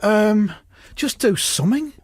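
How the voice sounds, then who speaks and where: Deadpan man, high-pitched and dry. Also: measured pace, dry recording. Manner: deadpan, swearing in disbelief. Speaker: comedy podcast co-host. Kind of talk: dry banter.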